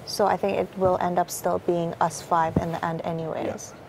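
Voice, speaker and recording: Low gravelly young woman, rambling and cursing. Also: flat delivery, moderate pace, noisy background. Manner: rambling, swears a lot, fillers like "like". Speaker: reality show contestant. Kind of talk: casual strategy chat.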